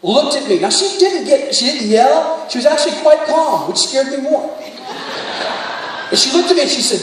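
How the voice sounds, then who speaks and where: High-voiced preacher in an echoey hall. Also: male voice, big pitch swings, moderate pace. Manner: storytelling, rising to fervent exhortation. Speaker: pastor. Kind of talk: sermon. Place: large church sanctuary. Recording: distant echoey hall, faint room noise.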